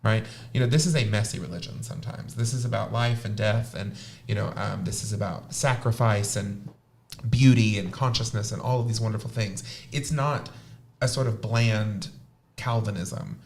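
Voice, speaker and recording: A man co-hosting a panel show as a high priest, giving a candid, thoughtful answer with frequent fillers and self-corrections. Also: normal speed, gravelly, slight background noise.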